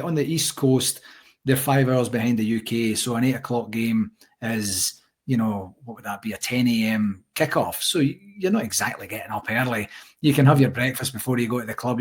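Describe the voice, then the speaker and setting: Husky Scottish man telling stories. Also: mid-range voice. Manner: chatty storyteller, animated anecdotes. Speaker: interview guest, supporters' association president. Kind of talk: casual conversational interview.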